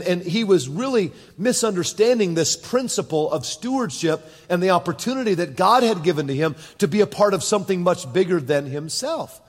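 A man's voice: high-pitched, big-room sound. A man preaching a sermon to a congregation, quoting scripture and acting out the people in the story, with asides to the crowd. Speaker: pastor.

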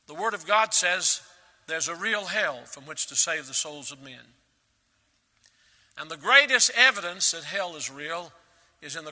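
A man preaching a sermon, emphatic, with sudden loud rises and quiet drops. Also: a little high, in a large hall. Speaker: pastor.

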